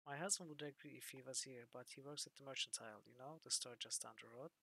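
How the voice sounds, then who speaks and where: A man voicing a chatty middle-aged woman in a video game who gushes without pausing for breath. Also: medium pitch, gravelly, sharp tone, breathy edge, heavily acted. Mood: gushing. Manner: nonstop gushing talk.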